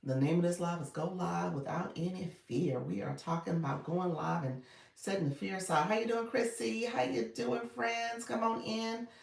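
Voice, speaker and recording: A woman's voice: fairly low pitch, steady tone, normal speed, creaky. A woman live-streaming as a coach, chatting casually and encouragingly, laughing often and calling viewers "friend.". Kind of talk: casual livestream chat, greeting viewers and reading comments. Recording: echoey room, voice a bit far from the mic.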